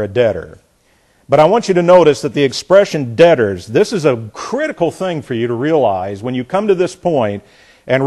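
A middle-aged man works through a Bible passage verse by verse, speaking deliberately and emphatically and often repeating words as he develops a thought. His voice is a little high and a little mellow.

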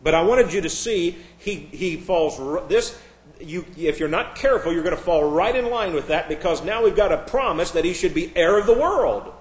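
Male preacher, fairly high voice, mocking sermon delivery, echoey room. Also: lively intonation, normal speed. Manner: sarcastic, mocking.

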